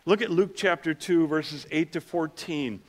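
A middle-aged man preaching a sermon in church, telling personal stories with self-deprecating humor and dropping soft and low for quiet moments. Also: a little slow. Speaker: pastor.

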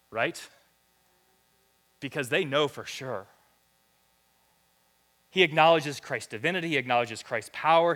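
A pastor preaches in a church hall, reading scripture and building toward fervent, repeated phrases. His voice is medium in pitch and a bit bright.

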